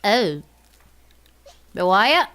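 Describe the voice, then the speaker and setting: A woman's voice: medium pitch, sing-song, extremely slow, bright, forceful tone, smooth. A woman streaming a game in casual chat, rambling and thinking aloud with many fillers and repeats, giggly and self-mocking. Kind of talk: casual gaming livestream chat.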